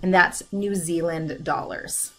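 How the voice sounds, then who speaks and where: A woman teaching a math lesson, working through problems in a steady, step-by-step way at a desk microphone. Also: lowish voice, slow pace, a little hiss or hum. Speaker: math instructor.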